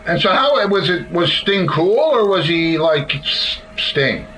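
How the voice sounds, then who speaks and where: A man's voice: sits high, big pitch swings, bright, forceful tone, rough recording. Male host, jokey, very swoopy intonation, audible background noise. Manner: joking, quick to make wisecracks. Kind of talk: casual interview chat.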